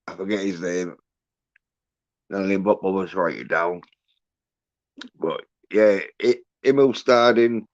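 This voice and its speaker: Slow, deep-voiced swearing man. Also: a little mellow, no echo, dull audio. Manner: profane, rambling, many fillers and restarts. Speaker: livestream host. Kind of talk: rambling livestream rant.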